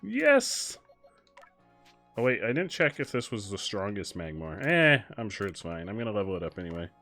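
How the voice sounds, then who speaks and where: A young man streaming a game, chatting casually, switching between muttered asides and loud excited outbursts. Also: fairly low pitch, quick pace, faint music behind. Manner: excitable, shifts from mumbling asides to loud exclamations. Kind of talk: casual live-stream commentary while gaming.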